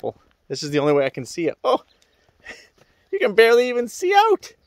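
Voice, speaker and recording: A man's voice: extremely high pitch, wildly swooping pitch, a little fast, no echo. A man filming a family hike outdoors, joking and laughing as he talks to the camera. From Canada. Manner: joking, playful, laughs often. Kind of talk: casual chat. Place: outdoors on a hiking trail.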